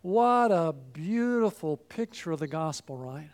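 A man with a high-pitched voice delivers a sermon. He is emphatic, rising to loud exclamations and then dropping to hushed asides as he preaches. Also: sing-song, a little slow.

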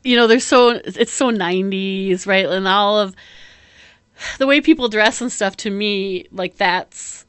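A woman's voice: mid-range voice, measured pace, fairly bright tone, smooth, no room sound. A woman chatting casually as a podcast co-host, rambling with lots of fillers and frequent laughs. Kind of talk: casual chat.

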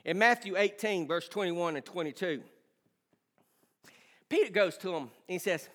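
A man preaching a sermon with impassioned delivery that swings between shouting and hushed pleading. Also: high voice, moderate pace, long reverb tail.

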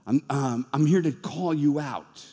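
A man's voice: fairly high pitch, measured pace, dark tone. A man voicing God as a casual male speaker who reassures in laid-back slang, with long hall reverb. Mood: reassuring.

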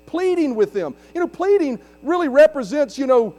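A man's voice: very high voice, very animated, moderate pace, mellow. A man preaching a sermon as pastor, driving his points with emphasis and questions to the congregation. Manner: preaching with rising emphasis and audience call-outs. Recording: long reverb of a large hall with mains hum.

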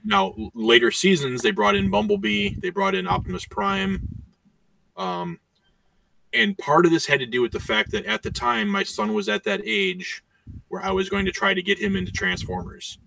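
Podcast co-host, male, high gravelly voice, rambling delivery, sits back from the mic. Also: normal speed, bright, forceful tone, no room sound. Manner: rambling, many "you know" fillers. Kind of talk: casual chat. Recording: voice distant from the mic.

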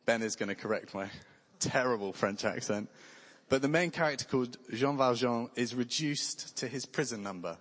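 A man's voice: medium pitch, normal speed, a bit bright, husky. Man preaching in a reverberant hall. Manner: earnest, conversational preaching with light humor. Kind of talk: sermon.

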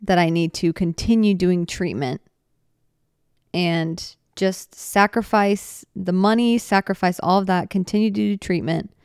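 Hosting her own casual podcast, a woman in her twenties rambles earnestly and from the heart, cutting herself off, starting over, and sometimes growing tearful. Her lowish, slightly mellow voice is recorded cleanly in a studio with no room sound.

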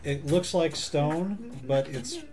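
A man narrating as game master of a tabletop game, joking and halting now and then. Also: on the high side, expressive, music in the background.

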